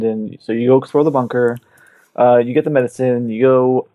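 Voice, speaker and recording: A man co-hosting a podcast, loosely retelling a video game's story in casual, profane chat and slipping into quick voices for the characters. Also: medium pitch, fairly even intonation, warm tone, dry recording. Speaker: podcast co-host.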